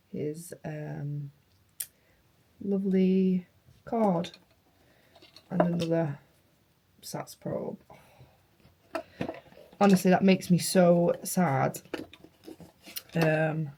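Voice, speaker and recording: A young woman vlogging casually, emotional and halting, her voice hoarse from flu and tonsillitis, sometimes dropping to near-whispers. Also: fairly low pitch, dark tone, a little hiss or hum. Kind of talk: casual vlog chat.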